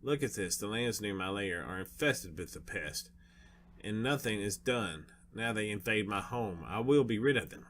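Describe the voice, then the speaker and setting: A man voicing an ancient, furious male dragon who is demanding and impatient, speaking in a stern, rumbling, commanding way. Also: expressive, normal speed, fairly bright tone, slight background noise. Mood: stern, angry.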